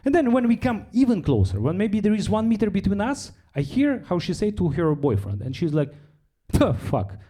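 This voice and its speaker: Young Russian-accented comic, high, animated delivery, drops into a flat low voice for quoted lines. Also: male voice, a little fast, few pauses. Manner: chatty, tags lines with "yeah?". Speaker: stand-up comedian. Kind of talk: stand-up set. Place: comedy club stage.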